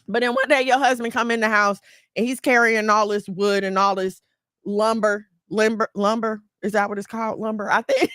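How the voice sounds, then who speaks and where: Woman, emphatic preachy advice, high pitched, dry. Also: normal speed, no room sound. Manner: emphatic and preachy, lively storytelling. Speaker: podcast host. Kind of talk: casual advice talk.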